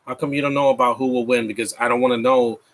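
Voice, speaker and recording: A man's voice: medium pitch, fairly even intonation, fast talker. A man in his thirties giving a rambling, mocking live commentary over a movie, with frequent restarts. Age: 30s. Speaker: film commentator.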